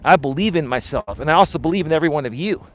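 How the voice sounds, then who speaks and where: A man talking on a live stream as he walks down an outdoor city street, his voice high for a man. He speaks with passion and emphasis and pushes back hard on his viewers' comments. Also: expressive, racing, a bit bright. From Greek heritage. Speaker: life coach live streamer. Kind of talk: walking live stream, reading chat aloud. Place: outdoors on an urban street, walking.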